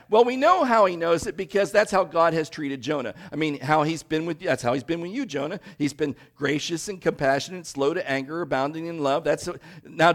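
A male pastor preaching a conversational sermon, animated and often checking in with the congregation. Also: fairly high pitch.

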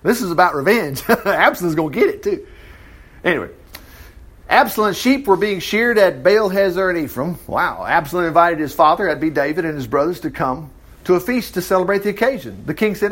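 A man's voice: fairly high pitch, animated, a little fast, a bit bright, breathy edge. A man preaching in a folksy, storytelling way, full of wry asides. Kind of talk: sermon, conversational storytelling.

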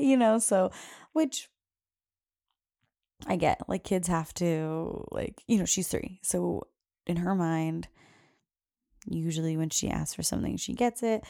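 A woman's voice: fairly low pitch, moderate pace, vocal fry, mellow. A young adult woman hosting a podcast, telling a casual story and quoting her little daughter in a raised voice. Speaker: podcast host.

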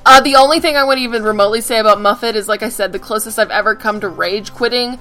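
A young woman co-hosting a podcast in casual chat, excitable, gushing and swearing freely. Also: a little high, quick pace, faint music behind. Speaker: podcast co-host.

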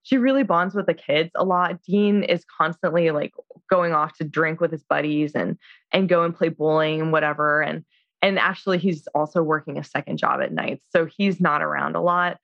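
A podcast co-host with a low, creaky voice speaks at a moderate pace, casually recapping a film with lots of fillers and acting out character dialogue. The dry recording sounds a bit dull.

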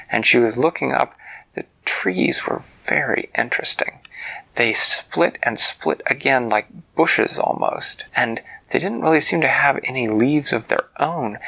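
A man improvising a bedtime story, musing slowly and often dropping to a near whisper. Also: medium pitch, vocal fry, sharp tone.

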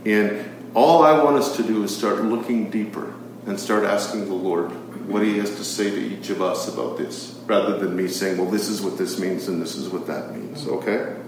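A man's voice: on the low side, normal speed, noisy background. Man teaching scripture in a very echoey room. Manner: poses rhetorical questions and reads scripture aloud, with frequent fillers. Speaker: Bible study teacher. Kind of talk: teaching a Bible study to a live group. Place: room with a live group. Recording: very echoey room, far from the mic.

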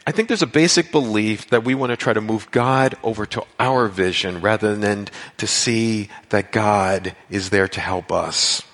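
A man's voice: medium pitch, fairly bright tone. A man preaching a sermon as a pastor, earnest and building to emphatic cries. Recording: long hall reverb.

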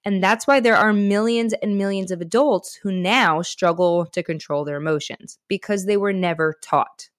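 A woman's voice: mid-range voice, moderate pace, few pauses, no echo, studio quality. A woman hosting a self-help podcast, talking frankly and encouragingly in a conversational way. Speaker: podcast host and author. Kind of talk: candid self-help talk.

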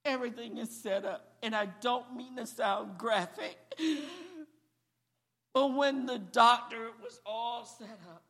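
An older woman preaching a testimony, telling her story dramatically and building to emphatic, shouted declarations. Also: on the high side, slow pace. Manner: dramatic storytelling, acting out each person in turn. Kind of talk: sermon testimony.

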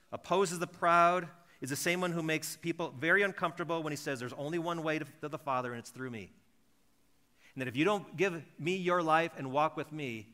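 A man preaching a sermon in a conversational way, acting out imagined dialogues and often repeating words as he restarts. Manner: acts out imagined dialogues in softer, lower voices. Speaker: pastor.

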